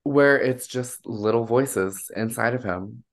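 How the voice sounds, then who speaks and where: A man's voice: medium pitch, takes it slowly, gravelly. A man chatting as a podcast guest, candidly sharing his reactions and laughing along. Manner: candid, giggly, talks through reactions. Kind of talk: casual chat.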